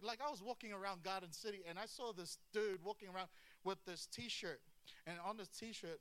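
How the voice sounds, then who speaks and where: A man preaching a lively sermon with humor and asides. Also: high voice. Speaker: pastor.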